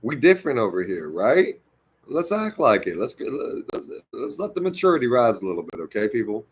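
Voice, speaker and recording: A man from the United States talking straight to his viewers in a heated, profane monologue, swinging between loud outbursts and muttered asides. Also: medium pitch, sing-song, fairly quick, slight background noise. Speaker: vlogger. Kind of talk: impassioned monologue to camera.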